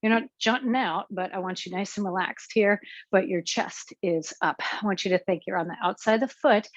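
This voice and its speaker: A fitness instructor leads an exercise class, cueing each move and counting reps while working out alongside the students, which leaves her slightly out of breath. Her medium-pitched voice is a little fast, on a dry, lo-fi recording.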